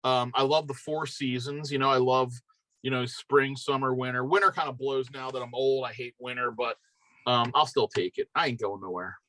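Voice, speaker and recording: Middle-aged Philly-accent man, bright voice. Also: mid-range voice, steady tone, moderate pace, no echo. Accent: Philadelphia. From Pennsylvania, near Philadelphia. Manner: rambling, loose, lots of fillers and asides. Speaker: podcast guest. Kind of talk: casual chat.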